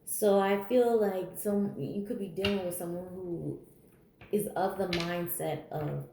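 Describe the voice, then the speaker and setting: A woman's voice: lowish voice, steady tone, measured pace, vocal fry, mellow, roomy sound, slight background noise. A woman giving a general tarot reading in a blunt, candid, chatty way, swearing freely and laughing as she talks. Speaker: tarot reader.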